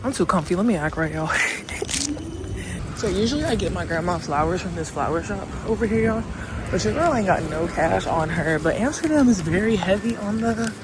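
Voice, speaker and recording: A woman's voice: medium pitch, animated, brisk. A woman from the United States vlogging in a casual, chatty way, talking straight to the camera with slang and laughs. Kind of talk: casual vlog. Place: outdoors on city streets and in shops. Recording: phone audio with street noise.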